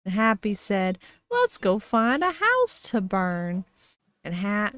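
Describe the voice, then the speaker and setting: A woman's voice: medium pitch, fairly bright tone, no room sound. A woman streamer casually reading a horror story aloud, giggly, with frequent laughs and dry asides.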